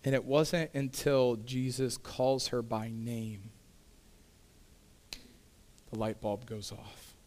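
A man's voice: medium pitch, level tone, slow, long pauses, a little mellow. A male pastor delivering a sermon in a conversational, casual way, with frequent asides to the congregation.

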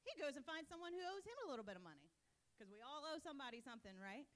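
A middle-aged woman preaches a sermon with direct emphasis. Her voice is quite high, and she drives her points home with pointed rhetorical questions. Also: sing-song, rapid-fire. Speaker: pastor.

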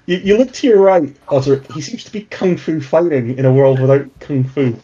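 A man's voice: a little high, normal speed, mellow. A man running a tabletop game as game master, chatty and hesitant, laughing often. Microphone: home microphone with noise suppression. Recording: lo-fi online call mic.

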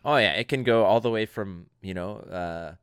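A man's voice: lowish voice, moderate pace, fairly bright tone, clean tone, no room sound, studio quality. A man hosting a podcast, talking upbeat and enthusiastic in casual chat. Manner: upbeat, enthusiastic, keeps saying "friends". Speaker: podcast host.

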